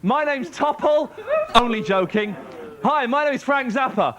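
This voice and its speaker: High-voiced shouting male comedy host. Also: expressive, unhurried, a crowd in the background. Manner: loud, teasing audience banter. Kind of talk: stand-up compere. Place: comedy club stage. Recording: noisy TV broadcast recording.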